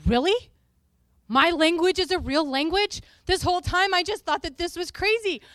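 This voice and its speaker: A woman acting out a surprised girl who is relieved and incredulous, speaking in bright exclamations. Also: very high voice, moderate pace, dry recording, studio quality, voice pushed up.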